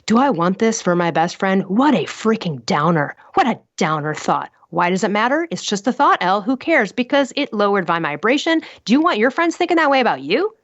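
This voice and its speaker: A woman speaks as a podcast guest, telling her stories bluntly and with strong emphasis, often firing rhetorical questions. Her voice sits at an ordinary middle pitch. The recording is dry and close, with a slightly dull, muffled top end. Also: big pitch swings, a little fast, hardly any pauses, dry recording. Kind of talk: animated interview talk.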